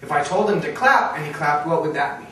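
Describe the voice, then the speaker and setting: A man's voice: a little high, animated, fast, sharp tone. Distant echoey male trainer. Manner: quizzing the audience, checking for understanding. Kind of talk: training workshop lecture. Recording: very echoey room, far from mic.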